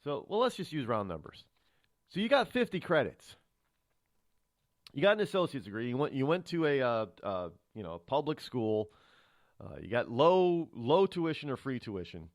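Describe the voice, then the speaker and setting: A man's voice: mid-range voice, very animated, moderate pace, no room sound, clean studio sound. A man hosting a talk radio show, lecturing his listeners and asking them rhetorical questions. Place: radio studio. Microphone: studio microphone.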